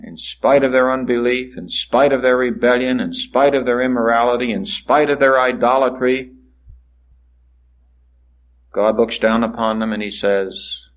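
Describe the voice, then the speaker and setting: A man preaching a sermon, swinging from soaring lines to hushed ones and acting out the voices he quotes. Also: medium pitch. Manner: dramatic rises and hushed drops, acts out quoted voices.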